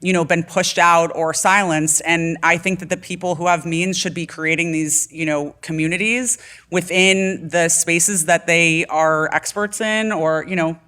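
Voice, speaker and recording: A woman appearing as a guest activist on a live talk show stage, speaking haltingly and often pausing with "you know". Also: fairly low pitch, steady tone, fairly bright tone. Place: studio stage before a live audience.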